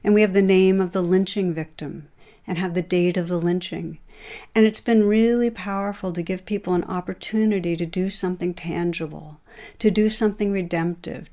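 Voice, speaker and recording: Woman, podcast host, lowish voice, earnest storytelling, quotes people in the story. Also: dark tone. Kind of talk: retelling a story in a talk.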